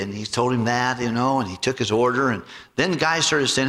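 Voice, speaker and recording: A man preaching with lively, swinging pitch and a bright, forceful tone. He tells stories and acts out the voices of the people in them. His voice carries a long reverb, as in a big church hall. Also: fairly quick. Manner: animated storytelling, acts out voices and jokes. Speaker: pastor. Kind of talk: sermon.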